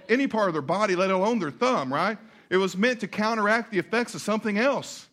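A man preaching a sermon, telling a story about himself with lively humor and laughter. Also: sits high. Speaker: pastor.

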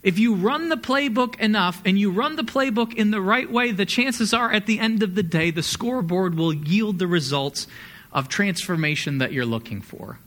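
A man preaching a sermon, a pastor talking in a conversational, energetic way and asking the congregation questions. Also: high voice, moderate pace.

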